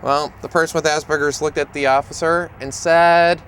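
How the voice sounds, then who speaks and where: A man's voice: fairly high pitch, normal speed, a little hiss or hum. Humorous man telling stories outdoors. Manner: humorous, lively storyteller. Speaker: autism speaker and educator. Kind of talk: storytelling presentation to camera.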